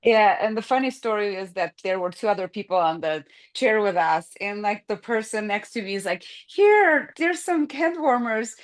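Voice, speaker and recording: A woman guest tells a personal story in a casual, chatty way. Her voice has an ordinary pitch, and she fills her sentences with little fillers as she goes. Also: fairly quick, hardly any pauses.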